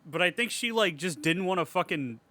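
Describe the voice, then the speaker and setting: A man's voice: sits high, fairly quick, dry recording. A man co-hosting a podcast, retelling a movie in casual chat with profane jokes and laughter. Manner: profane, joking, animated retelling. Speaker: podcast co-host.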